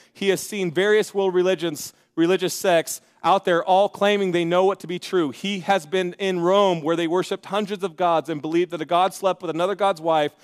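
A man preaching a sermon in an energetic, conversational way, with joking asides to the congregation. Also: sits high, clear, resonant tone. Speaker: pastor. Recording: long reverb of a large hall.

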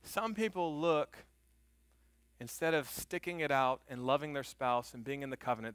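A middle-aged man preaching a sermon, telling stories with animated emphasis and turning soft and hushed when he prays. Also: medium pitch, moderate pace, smooth, no room sound. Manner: animated storytelling, rising loud on emphasis. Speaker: pastor.

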